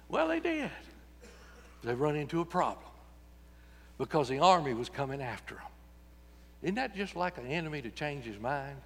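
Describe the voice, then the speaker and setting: A man's voice: fairly high pitch, sing-song, moderate pace, vocal fry, pauses often, fairly bright tone, in a large hall. A man preaching a sermon in a church, folksy and joking, acting out voices when he quotes people. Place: church sanctuary.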